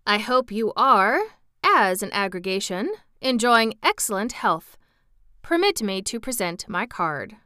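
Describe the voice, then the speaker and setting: A woman voicing a pompous, learned male insect gentleman in a storybook reading, wordy and condescending. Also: medium pitch, sing-song, a little slow, clean tone, dry recording, studio quality. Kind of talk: storybook read-aloud.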